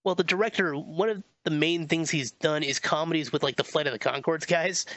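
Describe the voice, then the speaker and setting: A man with a bright, fairly high voice talks through a movie plot in a loose, rambling podcast chat. The recording is dry and a little dull, like a lo-fi home setup. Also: fairly quick, dry recording. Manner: rambling, stumbles over names, laughs often. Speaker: podcast co-host. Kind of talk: casual movie review chat.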